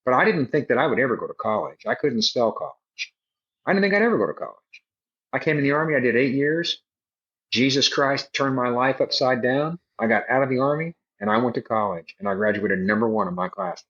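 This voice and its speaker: A man's voice: mid-range voice, lively intonation, fairly quick, fairly bright tone, dull audio. A middle-aged man, an army chaplain, telling stories in an earnest, folksy, emphatic way on a podcast. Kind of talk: casual podcast storytelling.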